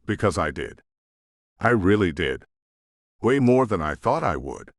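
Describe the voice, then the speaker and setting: A man narrating a romance audiobook in the first person, with an expressive reading. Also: low-pitched, unhurried, no echo, clean studio sound.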